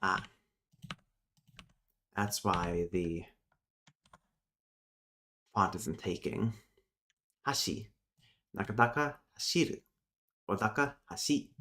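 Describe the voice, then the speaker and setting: A man's voice: lowish voice, animated, takes it slowly, long pauses, bright, forceful tone. Male streamer, casual lesson host, reads notes aloud, mutters asides. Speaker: streamer teaching linguistics.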